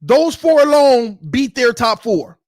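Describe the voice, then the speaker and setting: A man hosting a football fan channel, talking excitedly and repeating himself, dropping low and then shouting. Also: slow, dry recording, clean studio sound. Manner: hyped, repetitive, swings from low muttering to shouting. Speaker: sports channel host.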